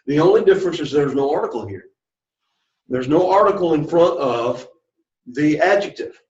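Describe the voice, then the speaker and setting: A man's voice: a little high, expressive, moderate pace, darkish tone. Man lecturing in an echoey classroom. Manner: explains with frequent okay and all right checks. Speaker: Greek teacher and preacher. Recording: echoey classroom, dull lo-fi sound.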